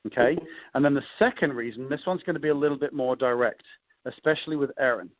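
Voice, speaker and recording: A network marketing coach from England speaks at a medium pitch and quick pace on a call, in a recording with no echo and the highs cut off. He talks through sales invitation scripts in a relaxed, conversational way, with frequent ums and restarts.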